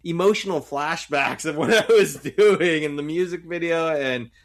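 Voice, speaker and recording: A man's voice: fairly high pitch, moderate pace. A male podcast co-host recapping a sitcom episode in loose, casual chat. He rambles a little and leans on fillers as he walks through each scene.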